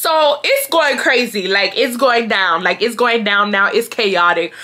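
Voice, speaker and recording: A young woman, chatting casually as a vlogger and telling a story in an animated, slangy way. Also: a little high, unhurried. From Houston, Texas. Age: 20s.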